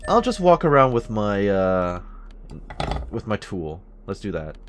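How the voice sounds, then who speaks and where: A man's voice: fairly low pitch, big pitch swings, a little slow, faint music behind. A man casually commenting on a video game as he plays, reading dialogue aloud with chatty, jokey asides. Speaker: let's play host.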